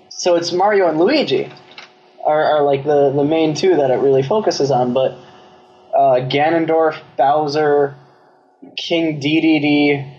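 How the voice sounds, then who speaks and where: Eager male podcast co-host, slightly high. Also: darkish tone. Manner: eager, insistent when recommending. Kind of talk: casual chat. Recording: muffled lo-fi recording.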